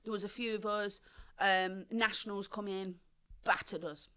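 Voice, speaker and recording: Speaking at a moderate pace with a medium pitch and clean tone, a female interview-show guest tells her life story. She's animated and slangy, performing the voices of those she quotes.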